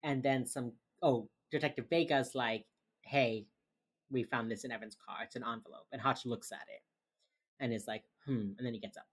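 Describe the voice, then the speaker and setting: Woman, very deep voice, casual podcast co-host, chatty recap, lots of "like". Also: moderate pace, husky. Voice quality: very low-pitched, relaxed storytelling with lots of "like". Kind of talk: casual chat.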